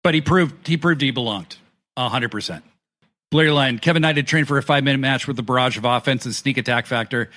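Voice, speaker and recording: Bright-voiced man, animated chatter. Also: mid-range voice, brisk. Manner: excited, swears freely, acts out quotes. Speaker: podcast co-host. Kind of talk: casual wrestling review chat.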